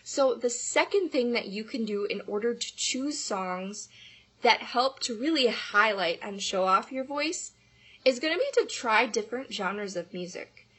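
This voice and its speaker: Bright, breathy woman voice teacher. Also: fairly high pitch, animated, a little slow. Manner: upbeat, enthusiastic. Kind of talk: podcast voice lesson.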